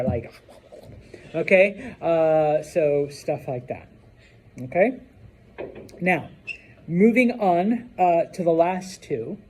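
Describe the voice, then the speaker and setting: A man teaching a Spanish class in a classroom, chatty and relaxed, checking in with "okay?" again and again. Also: fairly high pitch, slow, pauses often. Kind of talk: classroom lesson.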